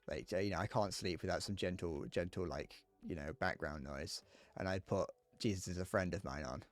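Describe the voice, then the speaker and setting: A man streaming a game, rambling and joking as he thinks out loud, often restarting his sentences. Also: low-pitched, fairly quick, no room sound, soft background music. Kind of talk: casual gameplay commentary.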